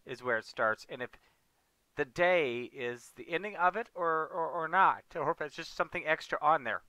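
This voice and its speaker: A man's voice: on the high side, normal speed, bright, forceful tone. A man hosting a livestream, chatting casually as he plays a farming game and grumbling now and then. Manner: chatty, talks to chat and co-players, mild exasperated outbursts. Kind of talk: casual gameplay commentary.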